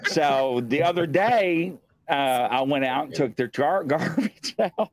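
Brief: Midwestern man, livestream host, lively up-and-down delivery, dry close sound, rambling and laughing. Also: a little high, measured pace, no room sound. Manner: rambling storyteller, laughs and swears often. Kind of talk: casual live-stream chat.

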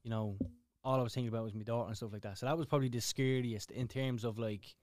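A man's voice: mid-range voice, fairly even intonation, darkish tone, no echo, clean studio sound. A young Dublin man chatting casually, with lots of fillers and swearing. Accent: Dublin Irish. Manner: rapid, swearing, filler-heavy. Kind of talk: casual storytelling chat.

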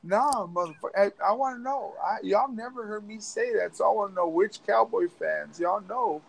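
A man's voice: sits high, moderate pace, vocal fry. A man in a casual chat, defensive and swearing a lot in heated banter.

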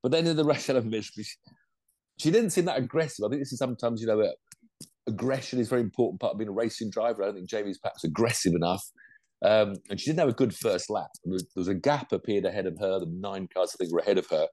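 An older man, co-hosting a motorsport roundup in animated, rambling casual chat. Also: on the low side, very fast, no room sound, studio quality. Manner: animated, rambling, lots of restarts and laughs. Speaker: co-host of a motorsport show.

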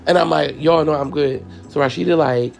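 A man's voice: fairly high pitch, fairly even intonation, brisk, creaky, a little mellow, faint music behind. A man hosting a podcast, telling a personal story in a candid, profane, casual way and talking straight to his listeners. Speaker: podcast host and hairstylist.

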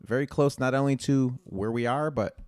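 A man's voice: mid-range voice, moderate pace, darkish tone, dry recording, studio quality. Joking man co-hosting a podcast. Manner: joking, teasing banter. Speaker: podcast co-host. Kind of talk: casual chat.

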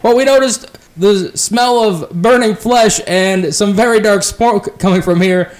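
A man's voice: high-pitched, a little slow, pitched above the performer's own voice, poor audio. A man voicing a suspicious, officious male elf rider who questions travelers in a tabletop game. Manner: sarcastic, officious interrogating.

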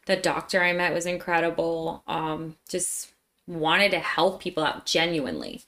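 A young woman from Pennsylvania, a guest telling a story in a casual interview, animated and quick to laugh, acting out what people said. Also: sits low. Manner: animated, acts out dialogue, laughs often.

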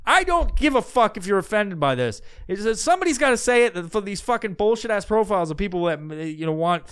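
A man's voice: sits high, very animated, fairly quick, fairly bright tone, clear, resonant tone, dry recording, studio quality. A man hosting a podcast, ranting crudely and heatedly, breaking into mocking impressions. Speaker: podcast host. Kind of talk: profane comedic rant.

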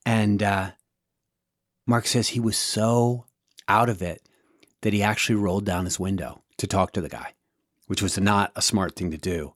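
A man's voice: on the low side, steady tone, moderate pace, pauses often, no room sound, studio quality. A man hosting a podcast, telling a story in a casual monologue, with many restarts and repeated words. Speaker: podcast host.

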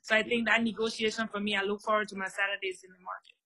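Bright-voiced Liberian woman explaining. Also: mid-range voice, fast, rough recording. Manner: animated storyteller, explains with examples. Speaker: guest. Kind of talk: conversational interview.

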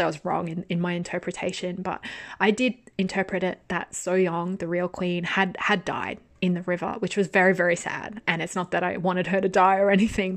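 A woman's voice: on the low side, vocal fry. A young woman hosting a podcast, chatting casually and animatedly about a drama, laughing often and swearing now and then. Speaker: podcast host. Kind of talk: casual drama review monologue.

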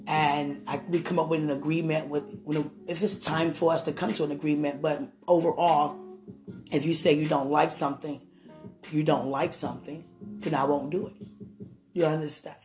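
A woman's voice: deep voice, flat delivery, normal speed, a little mellow, faint music behind. A woman talking straight to someone she loves in a rambling, affectionate monologue, often checking with "you understand?". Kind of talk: emotional monologue to a loved one. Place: sitting on a bed indoors.

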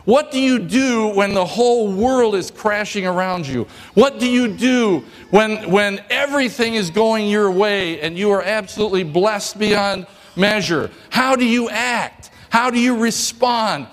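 Guy pastor preaching, cracks jokes, high-ish voice, big echoey church sound. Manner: joking, lively storytelling. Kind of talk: sermon.

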